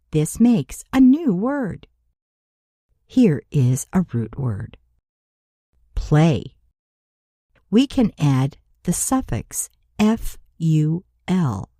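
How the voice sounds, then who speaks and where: Woman teaching grammar super slow, low lively voice, mellow tone. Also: no echo, clean studio sound. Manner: slow, deliberate, spelling out letters for learners. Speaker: English teacher. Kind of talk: scripted grammar lesson narration.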